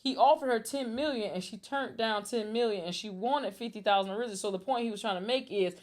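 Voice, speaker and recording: Animated woman in her thirties chatting. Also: fairly high pitch, fast. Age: 30s. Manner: animated, acts out quotes in put-on voices. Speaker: podcast co-host. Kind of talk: casual chat.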